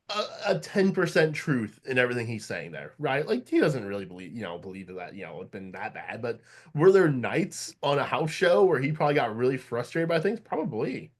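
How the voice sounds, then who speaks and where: A man hosting a podcast in casual chat, thinking aloud and hedging with many fillers. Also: a little high. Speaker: podcast host.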